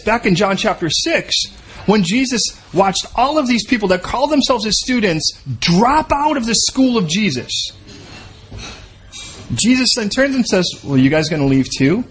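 A man preaching a sermon with a high voice that swings widely up and down. He talks to the congregation conversationally and keeps asking rhetorical questions. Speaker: pastor.

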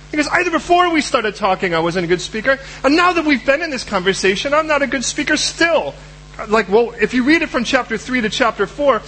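A male preacher with a high, very lively voice delivers a sermon and acts out both sides of his talks with God. A faint hum sits under the recording. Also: rough recording.

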